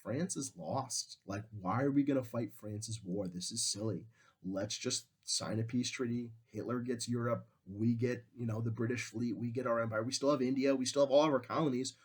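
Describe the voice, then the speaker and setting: A man's voice: medium pitch, normal speed, breathy edge, close to an everyday voice. A man voicing a dismissive male politician who urges surrender, in a flippant, scoffing manner.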